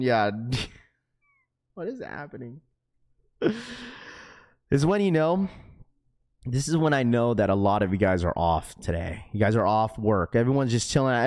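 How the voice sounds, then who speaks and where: A man hosting a casual livestream, chatty and laughing often as he gives shout-outs for donations. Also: mid-range voice, expressive, normal speed. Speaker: livestream host.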